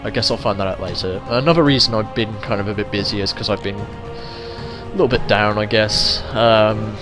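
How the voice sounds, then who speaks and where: A man's voice: fairly low pitch, fairly even intonation, normal speed, over music. A young man from England giving casual, sweary, ranting commentary while playing a video game. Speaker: let's play gamer.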